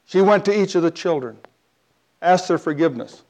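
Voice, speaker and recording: A man telling a personal story in a talk, animated, with big swings between loud and quiet. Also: sits high, moderate pace.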